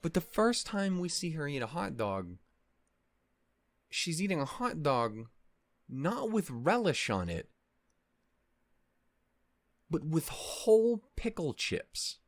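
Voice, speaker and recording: A man's voice: a little high, sing-song, measured pace, pauses often, no room sound. A man hosting an anime discussion, talking in a casual, rambling rant full of profanity and mock outrage. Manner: rambling with many fillers and restarts.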